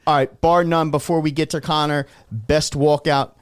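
A man's voice: on the high side, steady tone, moderate pace, clean tone, no echo, studio quality. A man co-hosting a casual combat sports chat, hyped and emphatic. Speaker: co-host. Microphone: studio mic.

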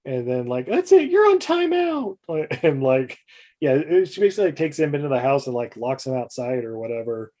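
Mellow-voiced man rambling a movie recap. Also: mid-range voice, fairly quick. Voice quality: mellow, rambling with many fillers. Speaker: podcast co-host. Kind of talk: casual movie recap chat.

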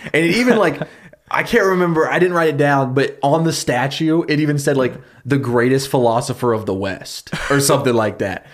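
A man co-hosting a comedy podcast, retelling a historical story in a loose, joking way with lots of fillers. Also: on the high side. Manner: fast, animated retelling with fillers and laughs. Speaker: podcast co-host pitching a story.

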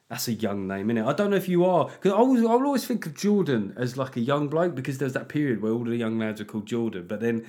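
A man talks through his podcast in a loose comic monologue. He swears freely and rambles from one thought to the next. His pitch sits in the middle of the range. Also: darkish tone. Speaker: podcast host.

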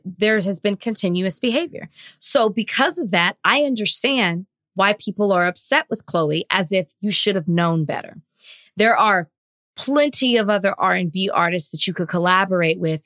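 A woman co-hosting a podcast, giving her opinions in a measured, deliberate way. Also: medium pitch, fairly bright tone, no echo, clean studio sound. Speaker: podcast co-host. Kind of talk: casual podcast discussion.

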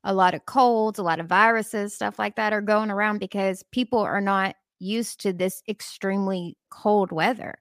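A woman's voice: mid-range voice, steady tone, normal speed, hardly any pauses, no room sound. A woman talks casually, her voice nasal and stuffed up from congestion. The sound is dry and close, with no room around it. She rambles through her explanations in an easy, chatty way. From Memphis, southern US. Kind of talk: casual chat.

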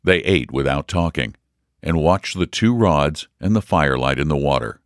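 A man reading a story aloud in a measured, expressive narration. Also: rumbling low, no room sound, studio quality. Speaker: audiobook reader. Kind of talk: scripted narration.

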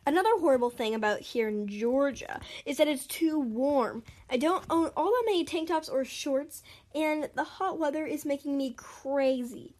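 A woman's voice: sits high, normal speed, a little mellow. A young woman reading her own stories aloud in a chatty way, breaking off for giggly asides. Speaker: storyteller.

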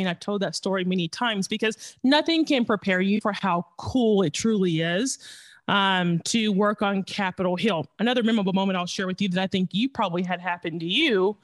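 Animated storytelling man, dry sound. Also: high-pitched, dry recording. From Tennessee. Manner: animated anecdote teller who acts out quotes. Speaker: podcast guest, former congressional staffer. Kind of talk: casual storytelling interview.

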